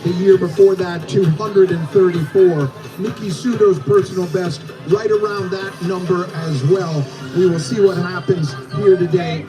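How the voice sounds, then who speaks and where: A man emceeing a live eating contest, with theatrical, hyped commentary and countdowns that he shouts out. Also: high voice, fairly even intonation, measured pace. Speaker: contest announcer. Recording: distant outdoor PA with crowd and music.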